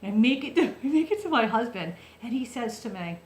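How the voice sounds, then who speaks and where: An animated woman vlogger tells a story straight to the camera in a chatty, lively way, often checking in with her viewers. Her voice sits fairly high. The room around her is roomy and echoey. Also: brisk.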